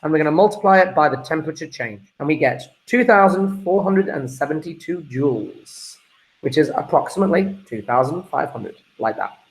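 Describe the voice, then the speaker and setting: Chatty male chemistry teacher, slightly high voice. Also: animated, a little fast, poor audio. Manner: chatty, addresses students as guys and folks. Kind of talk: exam paper walkthrough.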